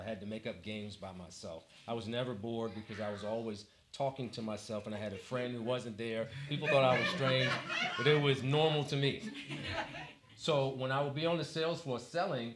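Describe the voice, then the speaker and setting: Man giving a humorous speech in an echoey hall. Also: medium pitch. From Washington, D.C. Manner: humorous storytelling, builds to a preacher-like close. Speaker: guest speaker, Toastmasters club president. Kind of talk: motivational speech. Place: large church hall. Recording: echoey hall with faint noise.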